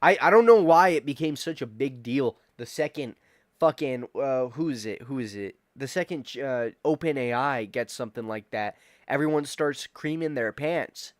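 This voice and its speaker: A man's voice: mid-range voice, lively intonation, moderate pace, no echo, studio quality. A man in his twenties streaming casual chat, rambling, swearing and repeating himself as he reacts to chat. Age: 20s.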